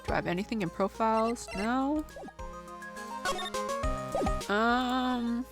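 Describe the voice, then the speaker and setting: A woman's voice: a little high, takes it slowly, loud music behind the voice. A woman streamer making chatty, joking asides while playing a game. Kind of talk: casual game commentary.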